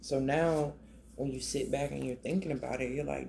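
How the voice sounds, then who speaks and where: Gravelly-voiced man giving a tarot reading. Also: mid-range voice, fairly even intonation, moderate pace, a little mellow, a little hiss or hum. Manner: emotional, conversational, many restarts and "like". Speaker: tarot reader. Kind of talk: casual tarot reading to camera.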